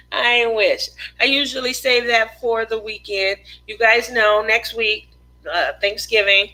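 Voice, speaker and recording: A woman hosts a relaxed craft livestream from home, talking slowly and easily as she reads out viewer comments. Her voice sits a little high and sounds bright and forward. She laughs often between remarks. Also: poor audio. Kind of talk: casual livestream chat reading comments. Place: home in the desert.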